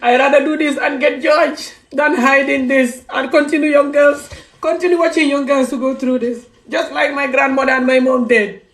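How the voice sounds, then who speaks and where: A woman's voice: sits high, fairly even intonation, normal speed. A woman speaking in a fervent, outspoken monologue to her followers, repeating herself in broken English. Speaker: vlogger. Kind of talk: impassioned personal monologue. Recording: echoey room with faint music.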